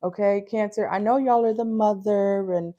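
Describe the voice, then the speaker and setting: A woman's voice: medium pitch, fairly even intonation, normal speed, mellow, muffled recording. A woman from Minnesota with a Minnesotan accent, giving a casual, blunt, talkative tarot reading from her car, full of fillers and laughter. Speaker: tarot reader. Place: parked car.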